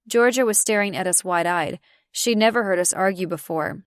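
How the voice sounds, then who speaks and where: A woman with a medium-pitched voice narrates a first-person romance audiobook, reading the script in a steady, measured manner. The recording is dry, with clean studio sound.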